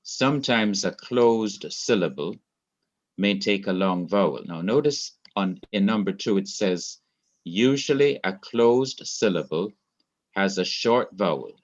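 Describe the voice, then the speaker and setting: Slow, low Jamaican man teaching Hebrew grammar. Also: lively intonation. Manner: slow, repeats key rules for emphasis. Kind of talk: online class lecture. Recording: dull lo-fi online class audio.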